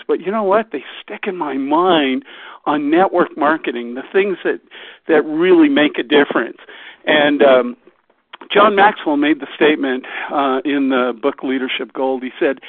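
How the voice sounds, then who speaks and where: A man's voice: on the high side, no echo. A man from Canada speaking as guest speaker on a company phone call, rambling and folksy with many restarts. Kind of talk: motivational talk on a phone call. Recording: phone line, dry.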